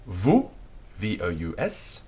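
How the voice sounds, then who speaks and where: A man teaching a beginners' French lesson, dictating slowly and patiently and spelling words out letter by letter. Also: low-pitched, wildly swooping pitch, dark tone, husky.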